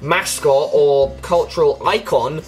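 A man's voice: fairly high pitch, slow, poor audio. A man giving playful, teasing commentary while editing photos for a comedy video. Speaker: YouTuber. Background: background music.

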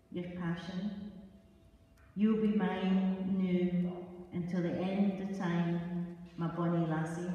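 A woman poet giving a slow, measured poetry reading in a large gallery hall, some lines half sung. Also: lowish voice, dark tone. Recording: echoey hall, mic far off.

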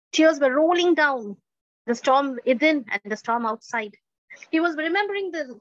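High-voiced woman telling a dramatic story. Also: dry recording, dull audio. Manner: dramatic, repetitive storytelling with questions to the audience. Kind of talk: oral storytelling at a festival. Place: indoor festival stage.

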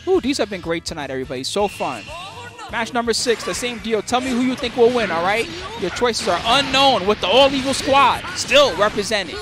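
An excitable man calls a live esports match in a high, bouncy voice that jumps all over the place. He keeps up slangy banter with chat and laughs often. Game music plays clearly behind him. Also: brisk. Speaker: tournament commentator and stream host.

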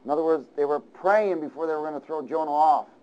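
A male pastor preaching a sermon in a lively, conversational way, often asking the audience questions. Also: a little high, fast talker, highs cut off.

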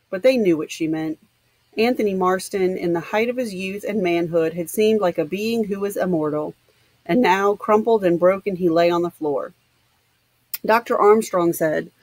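A woman's voice: mid-range voice, moderate pace, a little mellow, dry recording, rough recording. Woman reading a novel aloud, dry sound. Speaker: audiobook reader. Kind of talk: novel narration.

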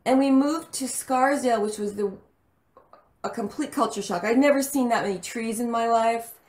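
A woman's voice: fairly high pitch, moderate pace. Chatty woman guest in an echoey room. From El Paso, Texas. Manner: chatty, animated storyteller. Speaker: actress guest. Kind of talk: casual interview storytelling.

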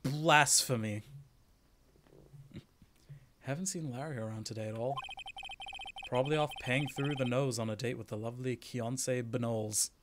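A man's voice: medium pitch, moderate pace, pauses often, a bit bright, a little hiss or hum. A man casually commentating a game stream, joking and reading the on-screen text aloud. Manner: joking, reads place names aloud. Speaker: let's play streamer.

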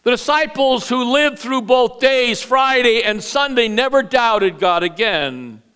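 A middle-aged male pastor preaching a sermon, swinging from loud raised bursts to quiet low asides and repeating words as he builds a point. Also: expressive, a little slow, smooth. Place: church sanctuary.

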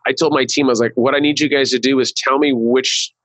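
A man's voice: mid-range voice, fairly even intonation, fast, fairly bright tone, no room sound, rough recording. A man speaking as a guest on a marketing webcast, rambling, with many restarts and fillers. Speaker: guest, digital marketing consultant. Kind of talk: casual webcast interview.

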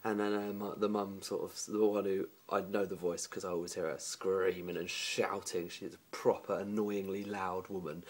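A man vlogging casually from his phone at home, gossiping about his neighbours with lots of energy. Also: normal speed. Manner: animated, mimics neighbours in shrill shouts and whispers. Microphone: phone camera held by hand.

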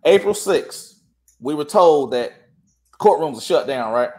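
Man, casual storytelling, lively quoted dialogue, slightly high voice. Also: a little slow. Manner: animated, acts out quoted dialogue. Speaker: guest.

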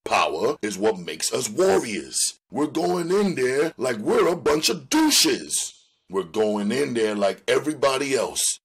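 A man voicing a hotheaded young gang member, agitated and loud. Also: medium pitch, big pitch swings, unhurried, husky, pitched above the performer's own voice, exaggerated voice.

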